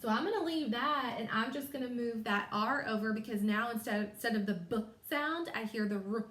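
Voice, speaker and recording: A woman teacher walks young readers through spelling, stretching each word into its sounds with slow, careful emphasis. Her voice sits a little high, and the recording carries a noticeable room echo. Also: a bit bright. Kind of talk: phonics lesson. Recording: echoey room.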